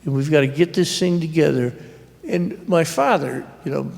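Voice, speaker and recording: A man telling a long personal story at a public author talk, rambling and earnest, with halting restarts. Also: fairly high pitch, expressive, gravelly, a little mellow. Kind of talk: storytelling conversation. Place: public library event hall. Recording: long reverb from a hall.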